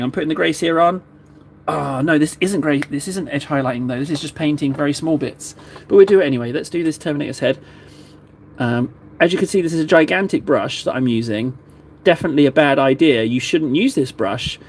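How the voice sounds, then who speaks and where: A chatty man streaming himself at work, talking viewers through every small step in a loose, playful way. His voice sits a little higher than most men's and moves freely as he jokes along. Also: a little mellow. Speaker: streamer painting miniatures. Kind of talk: casual live-stream chat.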